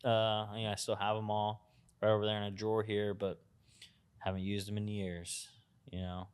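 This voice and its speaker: A man's voice: on the low side, completely flat delivery, moderate pace, clean tone. A man hosting a tattoo podcast, chatting in an easygoing way with lots of "you know.". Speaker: podcast host, tattoo artist. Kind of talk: casual podcast conversation.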